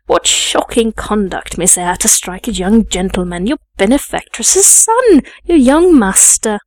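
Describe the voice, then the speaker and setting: Storybook lady's maid, self-righteous and sharp, loud voice, dry sound, woman doing it. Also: on the high side, moderate pace, dry recording, lightly acted. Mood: contemptuous. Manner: sharp, pious and contemptuous.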